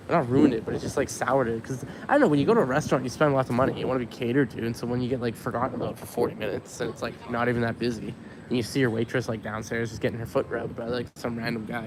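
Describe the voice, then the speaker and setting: A man's voice: medium pitch, steady tone, fast. Young guy from winnipeg walking and vlogging, says like a lot, traffic noise all around. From Winnipeg, Canada. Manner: rambling, lots of likes and ums, swears casually. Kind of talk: casual walking vlog monologue. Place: outdoors on a city street. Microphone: handheld camera rig while walking. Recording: street noise and passing cars. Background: city traffic.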